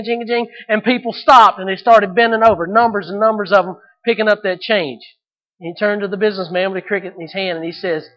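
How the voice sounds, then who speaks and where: A high-voiced male pastor delivering a sermon, rising to loud emphatic climaxes and dropping into hushed, low asides. He mixes folksy stories and jokes into his preaching. The recording sounds somewhat dull and lo-fi. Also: a little fast. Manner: dynamic, swings from loud emphatic peaks to quiet low asides; folksy storytelling with humor.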